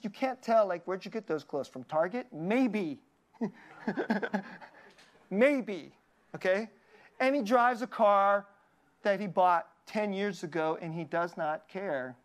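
A woman giving a sermon as though chatting with friends. She laughs often, trips over her own words and restarts them, and drops in asides to keep it loose. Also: medium pitch. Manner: conversational and jokey, laughs often, many restarts. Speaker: preacher.

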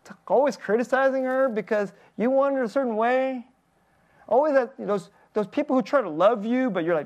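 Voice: medium pitch, moderate pace, a little mellow, highs cut off. A pastor giving a conversational sermon at a church service, chuckling between points and putting direct questions to the congregation.

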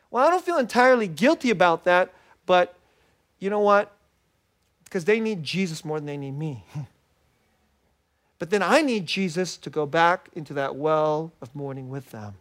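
A middle-aged man preaching a sermon as a pastor, animated and laughing often as he acts out what people say. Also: on the high side, normal speed, long pauses. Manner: animated, laughs often, quotes himself in little voices.

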